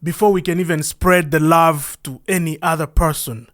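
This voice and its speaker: A man's voice: fairly high pitch, fairly even intonation, moderate pace, fairly bright tone. A man from the Democratic Republic of the Congo with a Congolese accent, hosting a podcast in an earnest, rambling monologue that asks itself questions. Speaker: podcast host. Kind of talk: casual monologue.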